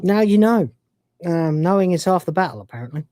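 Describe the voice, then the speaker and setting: A man's voice: sits high, lively intonation, brisk, mellow. A man hosting a live review stream, ranting and swearing in exasperation. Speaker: host.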